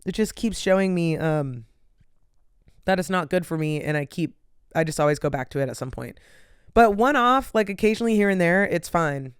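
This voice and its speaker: Young woman podcast host, tired and yawning, loose rambling chat; very smooth, resonant tone, dry close sound. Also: fairly low pitch, animated, normal speed, no room sound. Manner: rambling, lots of "like" and "um". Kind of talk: casual solo chat.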